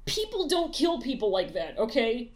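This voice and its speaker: A woman's voice: fairly high pitch, big pitch swings, normal speed. A woman voicing exasperated young people lecturing a grieving mother, in a scolding tone.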